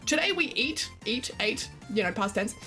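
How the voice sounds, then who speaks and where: A woman's voice: a little high, expressive, normal speed, bright, forceful tone, faint music behind. An Australian woman streaming, chatting casually and giggling while she reads and answers her live chat. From Queensland, Australia.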